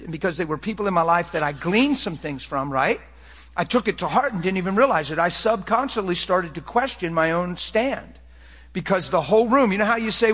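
Middle-aged man, preacher, high voice, impassioned storytelling, reverberant church hall. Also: a little fast. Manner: impassioned storytelling, swings between hushed and excited. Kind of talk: sermon testimony.

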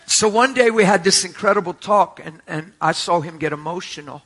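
A man preaching a sermon to a congregation, telling a story in an animated way and acting out the voices of the people in it. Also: sits high, a little fast, slight background noise. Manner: animated, acts out quoted voices. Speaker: pastor. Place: church before a live congregation.

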